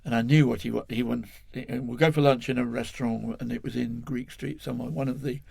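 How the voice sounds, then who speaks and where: An older Englishman recounting an old story to an interviewer, wandering and correcting himself as he goes. His voice is gravelly and slightly husky. The sound is close and dry. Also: medium pitch, steady tone, fairly quick, a little mellow, dry recording. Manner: rambling, self-correcting, chuckling storyteller. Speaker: guest.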